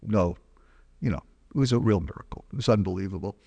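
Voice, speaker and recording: A man's voice: low-pitched, fast, vocal fry, warm tone, husky, dull audio. A man giving a chatty, humorous personal testimony, telling a story to an audience. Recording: long hall reverb.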